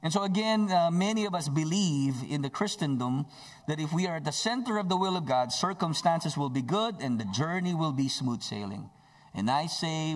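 A male pastor preaching a sermon, emphatic, stretching out key phrases, with joking asides. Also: fairly high pitch.

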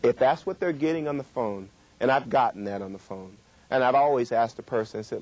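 A middle-aged man giving a workshop lecture on communication, with emphatic, drawn-out stresses. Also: medium pitch, a little mellow. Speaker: communication trainer.

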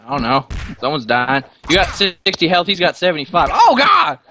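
Goofy, very high-voiced young man gaming. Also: huge pitch swings, normal speed, sharp tone, a little hiss or hum. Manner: goofy, meowing in character. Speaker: game player. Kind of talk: casual gaming chat.

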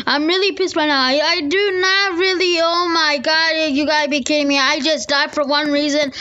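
A woman giving casual commentary over a video game, excitable and quick to repeat words in bursts. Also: high voice, highs cut off. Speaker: gamer. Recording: noisy home recording.

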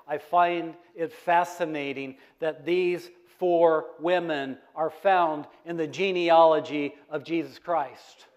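High-voiced preaching man. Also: fairly even intonation, slow pace, few pauses, a little mellow. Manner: call-and-response preaching, asks the congregation questions. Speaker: pastor. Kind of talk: sermon. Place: church sanctuary.

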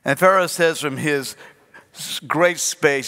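A man preaching a sermon to a congregation, retelling a Bible story with animated storytelling and acted-out voices. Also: fairly high pitch, slow pace. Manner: animated storytelling, acting out biblical characters. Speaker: pastor. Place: large church hall. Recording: long hall reverb.

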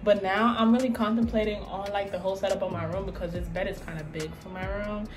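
A woman's voice: medium pitch, steady tone, fast. A young woman vlogging casually while redoing her bedroom, joking and laughing as she talks to the camera. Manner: chatty, joking, laughs often. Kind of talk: casual vlog chat. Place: bedroom being renovated. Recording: roomy echo, distant from camera, music behind.

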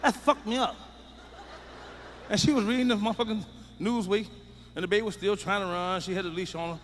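A middle-aged man doing a loud, profane, emphatic stand-up routine, recorded live. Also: sits high, steady tone, a little fast, big-room sound, slight background noise. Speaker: stand-up comedian.

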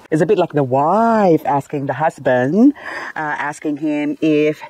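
A gardening vlogger chats casually to the camera about her succulents and married life, often laughing mid-sentence. Her voice is low and dark-toned, with a measured pace, and the recording has no room sound.

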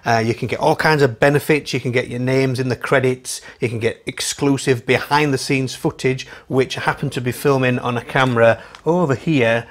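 A man's voice: medium pitch, fairly even intonation, normal speed, few pauses. A man hosting a retro TV channel, interviewing a guest and presenting in an upbeat, friendly way. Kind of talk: interview and vlog talk.

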